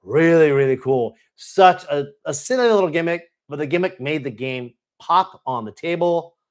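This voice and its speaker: A man's voice: on the high side, expressive, normal speed. A man hosting a live Q&A, chatting with enthusiasm and many fillers. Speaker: board game channel host. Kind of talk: live Q&A chat.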